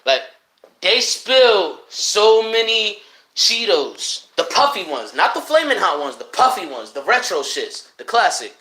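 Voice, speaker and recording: Young man, livestream rant, profane, high voice, bright tone, roomy echo. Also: measured pace. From Connecticut. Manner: profane, animated, swings between shouting and mumbling. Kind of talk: unfiltered casual rant to live chat. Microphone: streaming mic.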